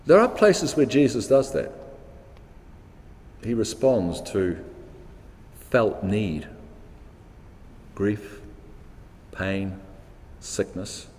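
A man's voice: on the low side, lively intonation, extremely slow, long pauses, a little mellow, long reverb tail. A man, preaching a sermon in a reflective, questioning way, repeating words for emphasis. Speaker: pastor.

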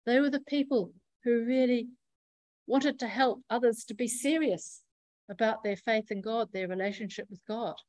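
A woman preacher giving a sermon in a measured, reflective teaching manner, pausing often as she explains. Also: a little high, darkish tone, no room sound, highs cut off.

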